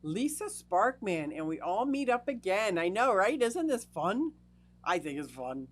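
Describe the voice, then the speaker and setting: A woman's voice: mid-range voice, very animated, unhurried. A middle-aged woman hosts a casual livestream from a home fish room full of aquarium tanks. She is bubbly and chatty as she greets viewers one by one. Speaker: livestream host. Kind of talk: casual livestream chat, reading out viewers' names.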